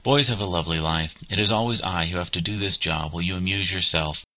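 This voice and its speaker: A man's voice: low-pitched, quick pace, full character voice. A man reading a burdened earnest schoolgirl. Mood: reproachful. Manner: earnest, reproachful, then gently steadying. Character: diligent, burdened schoolgirl, older sister.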